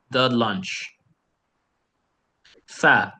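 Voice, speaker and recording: Slow, patient male language teacher. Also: medium pitch, lively intonation, pushed and bright. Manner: slow, patient, repeats each word and spells out sounds. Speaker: Arabic teacher. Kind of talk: online beginner language lesson.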